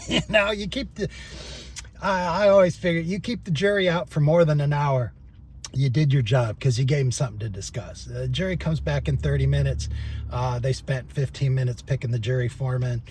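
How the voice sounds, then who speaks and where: A man's voice: mid-range voice, fairly even intonation, normal speed, darkish tone, slight background noise. An older man, a former trial attorney, talking casually to camera in a rambling, profane, chuckling way. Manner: rambling, chatty and profane, with frequent fillers and chuckles.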